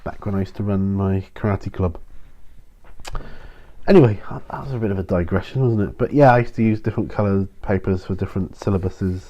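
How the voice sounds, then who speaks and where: A weary man talks through viewer questions in a low, dark voice, meandering and restarting his sentences. The home recording sounds dull and muffled. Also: fairly quick. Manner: rambling, self-interrupting, frequent ums and sighs. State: tired, prone to yawning. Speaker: channel host answering viewer questions. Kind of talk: casual solo Q&A video.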